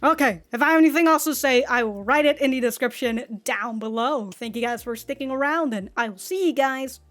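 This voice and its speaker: A woman's voice: high voice, brisk, a bit bright. A woman hosting an anime reaction, chatting casually in a rambling, giggly way and tripping over her own restarts. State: running out of breath.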